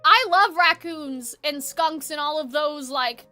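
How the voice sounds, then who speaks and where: A young woman streamer telling a long story in casual chat, rambling and animated with many fillers. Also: high-pitched, slow, soft background music.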